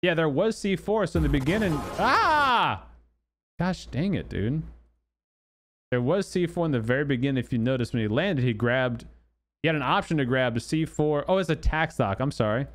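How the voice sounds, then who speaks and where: A man's voice: on the high side, expressive, a little fast, soft background music. A man hosting a gaming channel, talking loosely through game news with many fillers and restarts. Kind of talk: casual commentary on game news.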